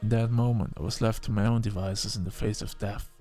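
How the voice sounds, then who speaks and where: A man narrating a first-person science fiction story in an expressive manner, breaking off into short exclamations. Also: fairly low pitch, brisk, faint music behind.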